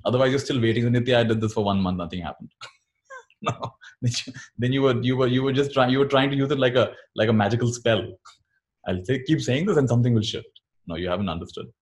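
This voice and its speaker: Man, lower voice, gentle spiritual teacher, calm, softly repeated phrases. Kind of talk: teaching talk.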